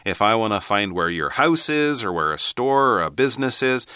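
Male lesson co-host, animated and explanatory, bright dry voice. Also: lowish voice, moderate pace, clean tone, no echo. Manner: explanatory, animated, jokey asides. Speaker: English teacher co-host. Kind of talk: bilingual language lesson chat.

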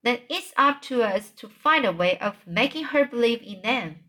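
A woman reading the lines of an excitable, bold little girl in a children's book read aloud. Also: on the high side, normal speed. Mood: eager.

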